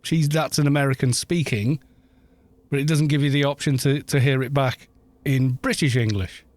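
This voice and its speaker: A man's voice: mid-range voice, fairly even intonation, moderate pace, no echo. A man from Wales chatting casually on a gaming live stream, rambling, laughing often and swearing at the game.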